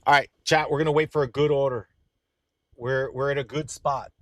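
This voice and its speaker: A young man streaming live, chatting casually and excitedly straight to his viewers, rambling between thoughts. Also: mid-range voice, normal speed, dry recording.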